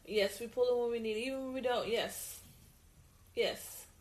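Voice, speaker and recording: A woman co-hosting a casual opinion talk, emphatic and repeating her points, with lively put-on greetings. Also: a little high, normal speed. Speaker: co-host.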